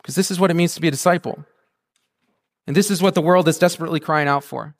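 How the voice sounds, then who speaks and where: A man's voice: a little high, quick pace. A man preaching a sermon, conversational and joking at first, then building into fervent, rousing prayer.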